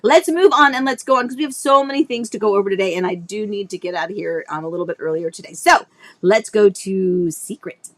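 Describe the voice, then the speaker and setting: A woman real estate agent with a medium-pitched, brisk voice and vocal fry chats casually on a live stream, rambling and restarting often. At times she becomes tearful.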